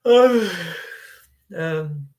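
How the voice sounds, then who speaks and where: A man's voice: fairly high pitch, lively intonation, very slow, a little mellow, dull audio. A man in his fifties giving a rambling, preachy and indignant rant on his livestream. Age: 50s. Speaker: vlogger on a livestream. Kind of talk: casual ranting monologue.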